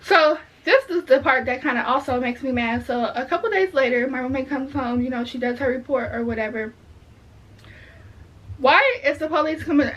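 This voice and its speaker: A young woman telling a story in a casual vlog, animated and indignant. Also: sits high. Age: young adult. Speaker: vlogger. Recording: dull lo-fi audio.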